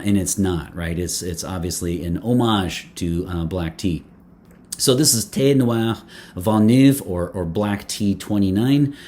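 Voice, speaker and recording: A man's voice: fairly low pitch, darkish tone. A man reviewing a fragrance in casual talk to camera, playful and chatty, with many fillers, restarts and joking asides.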